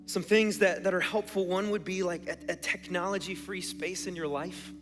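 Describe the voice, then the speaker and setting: A man preaching a sermon in a church auditorium, earnest, swinging between hushed moments and emphatic bursts. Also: high-pitched, steady tone, normal speed. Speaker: pastor. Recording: long hall reverb with faint music.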